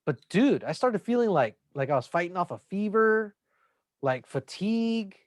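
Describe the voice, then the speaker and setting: A man's voice: high voice, big pitch swings, normal speed, dry recording, clean studio sound. A young man, a podcast co-host, in casual chat, telling a rambling story full of swearing.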